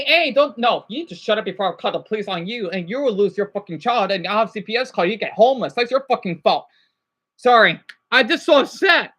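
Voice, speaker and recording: A man's voice: very high-pitched, sharp tone. A man in his thirties ranting in a rambling, agitated commentary vlog, swearing often and then apologizing. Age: 30s. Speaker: vlogger.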